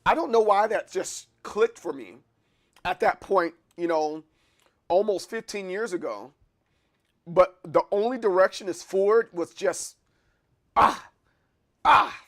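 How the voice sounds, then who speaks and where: Man, streamer, casual chat with viewers, rambling, excitable, higher pitched. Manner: rambling, restarts a lot, chuckles and gets excited. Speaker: livestream host. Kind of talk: casual chat answering live chat.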